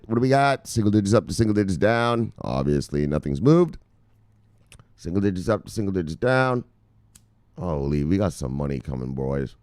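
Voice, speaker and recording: A man hosting a rowdy daily news show with a very lively, jumping pitch. He yells and swears, then drops to low mutters, and his voice sits dry and close with no room around it. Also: moderate pace, no echo. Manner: shouts bursts of "Bang!", swears, hypes his viewers. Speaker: crypto news show host. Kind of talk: excitable casual news show with profanity.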